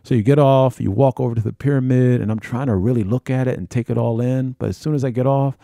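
A man hosting a podcast, telling a travel story in an animated way and acting out the dialogue. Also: medium pitch, quick pace, vocal fry, dry recording, clean studio sound. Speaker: podcast host. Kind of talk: storytelling monologue.

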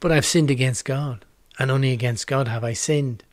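A man's voice: medium pitch, fairly even intonation, normal speed, no room sound. Earnest preacher in his sixties. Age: 60s. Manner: earnest, reflective, repeats words for emphasis. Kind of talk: home video sermon. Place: home setup with green screen.

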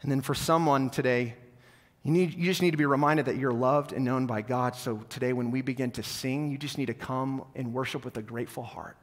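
A male pastor giving a sermon, telling a story in an animated way that swings from loud to hushed. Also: medium pitch, fairly quick. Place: church sanctuary. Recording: long church reverb.

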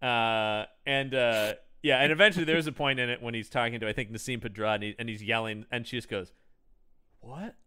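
A man co-hosting a casual film-review podcast, animated and laughing as he acts out scenes. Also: mid-range voice, quick pace, few pauses, clean tone. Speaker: podcast co-host.

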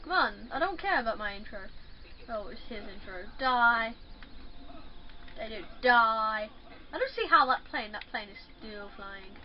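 Woman gamer yelping and taunting thru a fighting game, high voice that jumps all over, muffled lo-fi mic. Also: unhurried. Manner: excitable chatter with yelps and taunts. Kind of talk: let's play commentary. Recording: muffled lo-fi with faint hiss.

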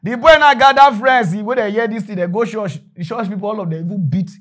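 A man with a Nigerian accent telling a comic story in Pidgin, jumping between loud bursts and hushed asides. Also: sits high, fast. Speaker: comedian storyteller.

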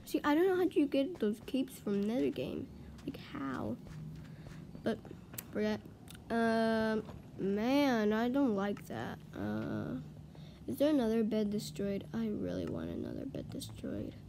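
A woman gives running commentary on her own gameplay, rambling and easily flustered, and she jumps into frantic panic whenever her team is in trouble. Her voice sits a little high. A faint hiss runs under the recording. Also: sing-song, measured pace, creaky, warm tone. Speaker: gaming video creator.

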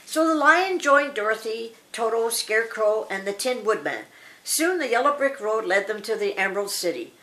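An older woman reading a children's picture book aloud, slow and expressive. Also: fairly high pitch. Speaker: storybook reader.

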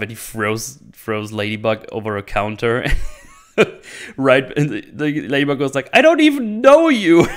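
A man's voice: on the low side, fairly bright tone, smooth. Chatty man recapping a film. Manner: rambling, laughing, acting out characters' lines. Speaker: channel host reviewing a movie. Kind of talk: casual movie recap and commentary.

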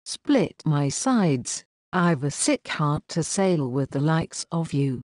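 A woman voicing a scheming, smooth-talking old male pirate cook, in folksy sailor's talk, read as an audiobook. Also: low voice, sing-song, slow, a little mellow, no room sound, studio quality, heavily acted. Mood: scolding. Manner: folksy sailor's dialect, scolding and persuasive. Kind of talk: audiobook reading.

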